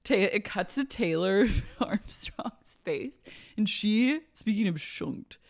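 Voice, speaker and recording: A woman's voice: medium pitch, animated, takes it slowly, gravelly. A young adult woman co-hosting a casual podcast, playful, slipping into mock voices as she retells scenes. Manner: playful, slips into mock voices of the people discussed. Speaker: podcast co-host. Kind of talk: casual chat.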